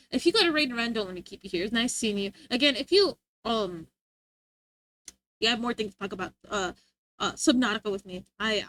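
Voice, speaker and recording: A woman's voice: high-pitched, sharp tone, no room sound. A young adult woman livestreamer chatting casually, rambling and giggling as she reads chat aloud. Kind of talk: casual live-stream chat.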